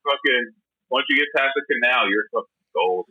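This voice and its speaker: A man's voice: medium pitch, brisk, husky, highs cut off. A man from Long Island, a jewelry maker and podcast guest, talking casually and rambling with lots of swearing. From Long Island, New York. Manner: laid-back, swears constantly, rambling.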